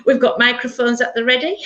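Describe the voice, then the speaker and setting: A middle-aged woman from England hosting a live church stream, chatty and quick to laugh. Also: a little high, a bit bright, lo-fi sound. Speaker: church service host. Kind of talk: casual live-stream chat.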